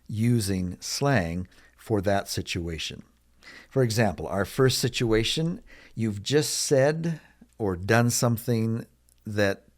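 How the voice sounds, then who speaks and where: A man gives an English lesson in a somewhat low voice. He speaks slowly and deliberately, repeating example phrases so learners can follow. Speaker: English teacher.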